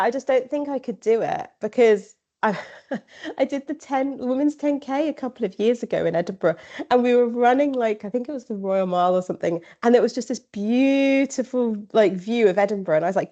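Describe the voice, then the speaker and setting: An ultrarunner appearing as a guest on a running podcast chats casually, laughing often and acting out conversations she's had, quoted exchanges and all. Her voice is fairly high but darkish in tone, and the audio is dull.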